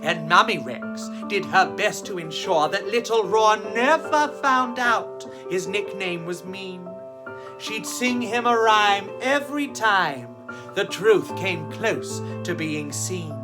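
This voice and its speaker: A woman's voice: mid-range voice, expressive, slow, music in the background. A woman hosting a children's rhyme time, reading a storybook aloud with theatrical, gushing praise for the little ones.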